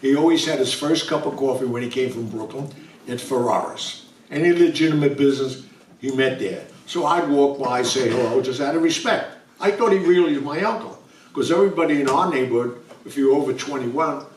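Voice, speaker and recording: A man's voice: medium pitch, fairly quick, a little hiss or hum. Older new man telling stories in a roomy hall. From New York. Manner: chatty anecdotal storyteller acting out dialogue. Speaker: author guest speaker. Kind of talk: storytelling to a live audience. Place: bookstore event room. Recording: roomy sound from a distant mic.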